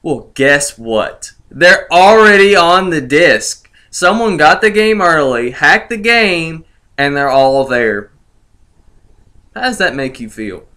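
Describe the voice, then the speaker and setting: Young guy doing a snarky gaming rant, bright edgy voice, a bit high. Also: lively intonation, slow. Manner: sarcastic, gloating, laughs incredulously. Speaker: gaming vlogger. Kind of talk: ranting video commentary.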